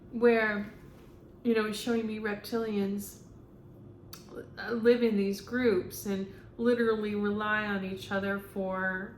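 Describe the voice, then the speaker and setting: A woman working as a spiritual medium, talking through a channeling session in a halting way with many ums as she relays what a spirit tells her. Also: on the high side. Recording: echoey room, faint background hum.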